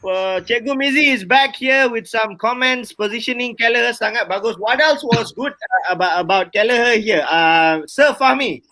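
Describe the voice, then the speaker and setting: High bright-voiced man hosting. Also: normal speed, few pauses, no echo. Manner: hesitant, repeats words. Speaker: podcast host. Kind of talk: casual panel discussion.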